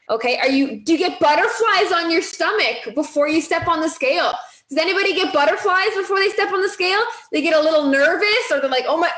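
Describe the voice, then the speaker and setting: A woman's voice: sits high, a bit bright, reverberant, poor audio. A woman coaching a group on weight loss in a chatty way, often checking in with "okay?" and "right?".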